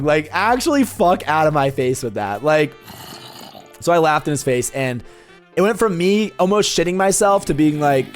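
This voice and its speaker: A man's voice: on the high side, big pitch swings, moderate pace, faint music behind. A young adult man streaming a game and telling a story in a casual, profane, rambling way. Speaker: gaming streamer. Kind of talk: casual storytelling while gaming.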